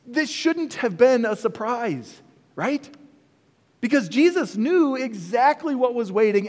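A man preaching a sermon as pastor, telling the story with animated delivery and acting out bits of dialogue. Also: sits high. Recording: echoey hall with long reverb.

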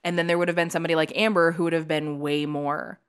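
A woman co-hosting a podcast talks through a movie in a loose, animated way, dropping "like" into nearly every thought. Her voice sits a little low, and she swears freely as she gets going. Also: quick pace, clear, resonant tone. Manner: animated, swearing, many "like" fillers. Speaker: podcast co-host. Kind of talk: casual chat reviewing a movie.

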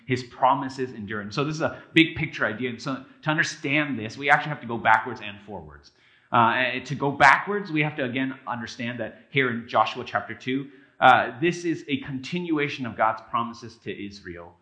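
A man preaching a sermon as a pastor in a casual, conversational way. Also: mid-range voice. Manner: conversational, animated, acts out quotes with a raised voice. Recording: echoey room.

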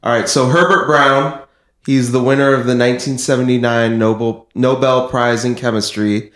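A man's voice: mid-range voice, fairly even intonation, normal speed, fairly bright tone, roomy sound. A man co-hosting a casual podcast, telling a long-winded fact of the week with many fillers. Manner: rambling storyteller, hesitant with fillers. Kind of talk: casual chat.

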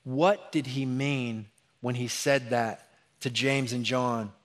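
A man preaching a sermon in a church, animated, acting out sarcastic asides before dropping to a hushed, intense tone. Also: medium pitch, slow pace. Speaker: pastor. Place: church sanctuary.

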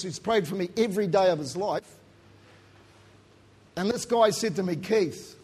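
A middle-aged pastor from New Zealand, his accent plain to hear, preaches a sermon featuring his own story. He speaks in a husky, breathy voice that's fairly high for a man, animatedly climbing to loud emphasis and then sinking to quiet asides.

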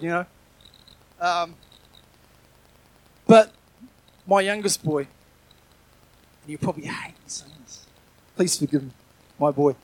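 A man's voice: high-pitched, slow pace, long pauses, dry recording, low-quality recording. A middle-aged man preaching a sermon in a conversational, earnest way, often restarting his sentences and adding asides.

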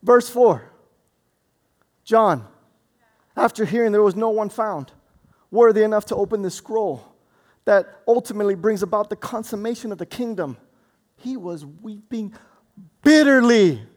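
A man preaching a sermon, swinging from loud, excited delivery to hushed, low passages. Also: measured pace, pauses often. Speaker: pastor.

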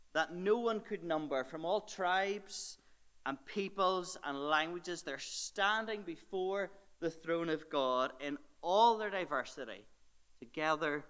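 A man's voice: fairly high pitch, sharp tone, clean tone. A young man preaching a sermon, earnest and explanatory, dropping his voice for emphasis.

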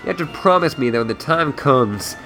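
A man voicing an arrogant young villain who talks in a slow, brash, theatrical way. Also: medium pitch, lively intonation, pushed and bright, soft background music.

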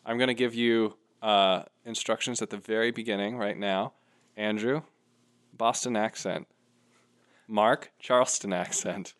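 A man's voice: fairly low pitch, steady tone, measured pace, fairly bright tone, smooth. A man hosting and directing an improv game, giving instructions in an encouraging, directive way.

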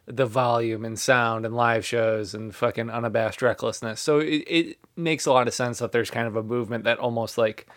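A man's voice: medium pitch, fairly even intonation, moderate pace, hardly any pauses, dry recording. A man co-hosting a music podcast, talking in an easygoing, rambling way with dry humor. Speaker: podcast co-host. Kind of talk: casual music chat.

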